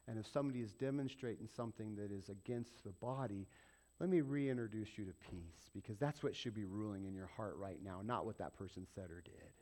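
A man's voice: fairly low pitch, a little fast, dark tone. A middle-aged male pastor preaching a sermon in a conversational way, firing off rhetorical questions and acting out little exchanges.

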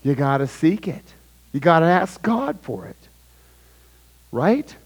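A man preaching a sermon, talking casually with the congregation, asking them questions, with sudden loud bursts and quiet asides. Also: on the high side, slow, slightly rough, low-quality recording. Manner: animated, with sudden loud outbursts and hushed asides; conversational, asks the congregation questions. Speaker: pastor.

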